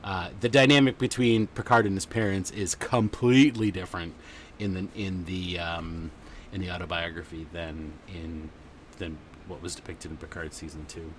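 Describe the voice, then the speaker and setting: A man's voice: sits low, fairly even intonation, normal speed, a little hiss or hum. A man hosting a casual livestream chat, rambling along with lots of fillers. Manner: rambling and chatty, many fillers. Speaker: podcast host.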